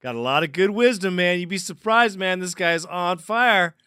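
A man hosts a fan call-in show, talking slangy and loose. His voice sits a bit high and bright. The sound is dry and close. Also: moderate pace, smooth, dry recording. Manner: animated, slangy, laughs often. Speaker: fan radio show host. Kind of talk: casual fan call-in chat.

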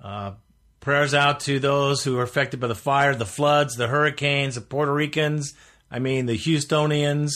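A man's voice: medium pitch, fairly even intonation, normal speed, a bit bright. A man hosting a sports fan call-in show, talking bluntly and getting worked up. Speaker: radio show host. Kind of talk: casual fan talk show.

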